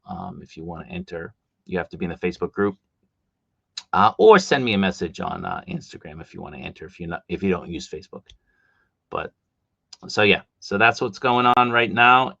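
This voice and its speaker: Low-voiced boston guy rambling thru chat on his stream, dull dry sound. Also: a bit bright, no room sound. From Boston, USA. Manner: rambling, reads out chat comments with fillers. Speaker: live stream host. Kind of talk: casual live stream chat.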